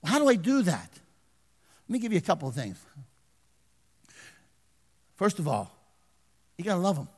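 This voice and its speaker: High-voiced older pastor preaching folksy. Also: male voice, huge pitch swings, moderate pace, pauses often, slightly rough. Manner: folksy, swings from loud to hushed, calls for amens. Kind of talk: sermon. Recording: long reverb of a large hall.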